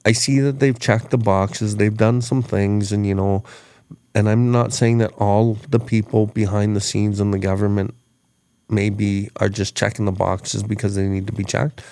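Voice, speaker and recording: Male host, low gravelly voice, earnest storyteller, dry close sound. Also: little pitch movement, moderate pace, darkish tone, dry recording. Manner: earnest, repeats words as he restarts. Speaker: podcast host. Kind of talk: reflective storytelling chat.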